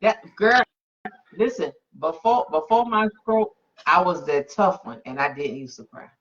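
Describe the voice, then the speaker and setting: A woman hosting a faith-based interview podcast, emphatic and quick to exclaim and affirm. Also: lowish voice, animated. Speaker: podcast host. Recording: dull lo-fi sound.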